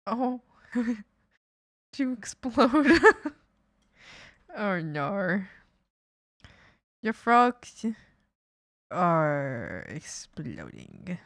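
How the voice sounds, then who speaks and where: A woman's voice: medium pitch, sing-song, extremely slow, long pauses, no room sound, studio quality. A woman streamer chatting casually with her viewers while she draws, giggling often and teasing them playfully. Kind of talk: casual live-stream chat while drawing.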